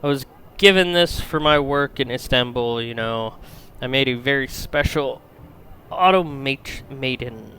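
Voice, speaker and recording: A man voicing a gruff, irate but proud woman artificer from a steampunk game, with a curt, grumbling manner. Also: mid-range voice, measured pace, bright, forceful tone, slight background noise. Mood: chatty.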